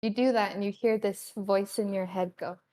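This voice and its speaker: A woman's voice: medium pitch, steady tone, moderate pace, mellow. A woman narrating as game master in a tabletop game, hesitant and giggly, with lots of fillers.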